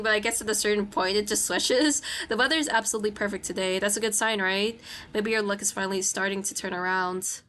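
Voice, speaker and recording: A woman's voice: mid-range voice, brisk, sharp tone. Woman reading a horror game aloud. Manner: reacts with gasps and apologies between reading. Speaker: streamer. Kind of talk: reading a visual novel aloud while playing.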